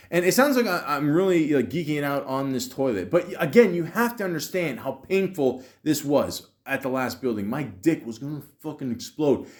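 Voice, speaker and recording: A male podcast host riffs through a long anecdote in a loose, chatty monologue. He swears freely, jokes crudely and keeps restarting his sentences with "like" and "you know." His voice sits at an ordinary male pitch. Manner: profane, rambling, jokey, many fillers and restarts. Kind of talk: casual storytelling monologue.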